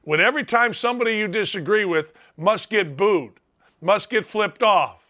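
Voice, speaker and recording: A brash middle-aged man rants through a sports talk monologue, his fairly high, bright voice swinging widely in pitch. He is sarcastic and mocks others in put-on voices. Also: wildly swooping pitch, a little slow. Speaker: sports talk show host.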